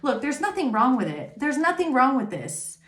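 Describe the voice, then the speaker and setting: A woman's voice: sits high, very animated, normal speed, a bit bright, echoey room. A woman voicing a careless police officer who brushes off a frightened caller. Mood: dismissive. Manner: condescending, brushing off worries.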